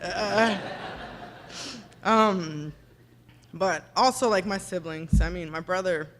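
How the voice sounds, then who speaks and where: A woman's voice: on the low side, takes it slowly, long pauses, a bit bright, a little hiss or hum. A woman in her thirties speaks at a podium microphone in a banquet room, giving an acceptance speech. She rambles in a chatty, self-deprecating way, thanking one person after another by name. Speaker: hall of fame inductee giving a speech. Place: ceremony breakfast in a banquet room.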